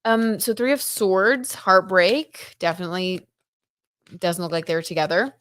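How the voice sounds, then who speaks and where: A woman's voice: medium pitch, a little slow, fairly bright tone, dry recording. Chatty woman hosting a tarot gossip livestream. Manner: chatty, gossipy, many fillers like "like" and "um". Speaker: tarot reader and livestream host. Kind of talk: casual livestream chat reading viewer comments.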